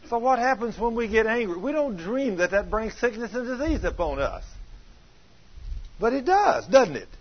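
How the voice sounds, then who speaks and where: High-voiced, husky preacher. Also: male voice. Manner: folksy, rising to shouts, asks the congregation questions. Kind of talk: sermon with retold testimony. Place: church. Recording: dull lo-fi sermon recording.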